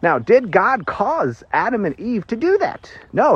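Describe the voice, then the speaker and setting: A man preaching a sermon, animated and prone to nervous giggling as he explains scripture. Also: sits high, unhurried, breathy edge, dry recording. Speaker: pastor. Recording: dull lo-fi recording.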